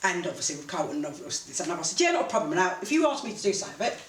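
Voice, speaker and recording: Woman, lively swooping pitch, distant mic, faint hiss. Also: very fast, crowd noise. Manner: animated, laughing storyteller. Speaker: boxing promoter, guest. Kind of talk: casual storytelling interview. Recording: echoey room, mic at a distance, faint noise.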